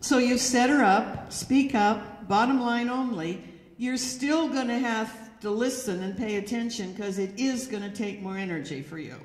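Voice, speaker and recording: Slow-talking woman lecturing in echoey hall. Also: mid-range voice. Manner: direct, instructive advice to the audience. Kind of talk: presentation to an audience. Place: church hall. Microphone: handheld or stand microphone. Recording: echoey hall with long reverb.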